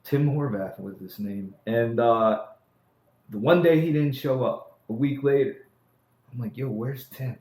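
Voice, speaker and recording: A man's voice: medium pitch, unhurried, darkish tone. A man in recovery telling his own story in a casual podcast chat, earnest and full of "man" and "bro.". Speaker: person in recovery helping others. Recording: echoey room.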